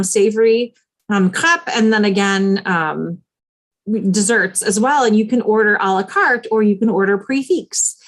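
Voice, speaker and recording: Woman, from the United States, casual podcast co-host, chatty, lots of ums. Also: mid-range voice. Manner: chatty, many ums, laughs easily. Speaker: podcast co-host, travel planner. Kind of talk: casual chat.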